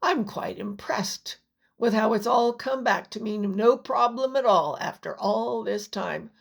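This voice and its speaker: Woman reading an old dragon in a storybook, sober, slow and soft-spoken. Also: a little high, creaky. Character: wise old male dragon, lonely, last of his kind.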